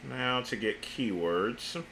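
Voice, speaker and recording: A slow-talking man, thinking aloud as he works through tasks on a livestream. His pitch sits in a middling range, and he drifts between quiet muttering and frustrated cursing. There is a faint hum of noise behind him. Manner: mutters to himself, curses in frustration. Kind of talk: casual livestream talk while working.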